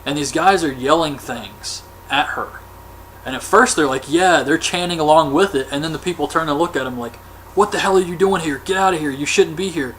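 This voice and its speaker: A man with a fairly high voice recaps a horror film in a loose, chatty way. He rambles on, dropping "um" and "like" as he goes, with a faint hum in the background. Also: a bit bright. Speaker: movie reviewer. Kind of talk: casual movie recap vlog.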